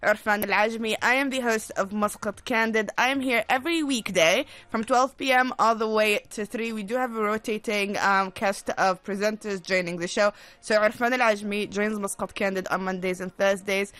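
A woman's voice: mid-range voice, fairly even intonation, moderate pace, hardly any pauses, fairly bright tone, no room sound. A woman from Oman hosting a radio show in casual chat, playful and laughing often as she reads listener messages.

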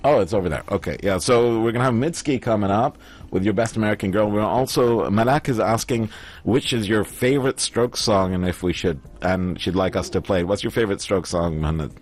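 Male radio host with a low-ish voice, loose and chatty, quick to laugh. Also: faint music behind. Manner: chatty, laughs easily, reads listener messages. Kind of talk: casual radio chat.

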